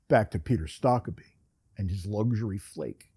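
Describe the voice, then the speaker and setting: Mellow husky man telling wry stories. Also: fairly low pitch, moderate pace. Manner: wry, rambling, self-deprecating. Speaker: podcast host. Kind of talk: casual storytelling monologue.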